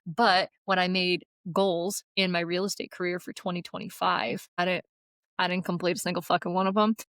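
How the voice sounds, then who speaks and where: Brief: young woman co-host, lowish voice, blunt and candid, swears freely, dry close sound. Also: little pitch movement, moderate pace, a bit bright, dry recording. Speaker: podcast co-host. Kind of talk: casual chat.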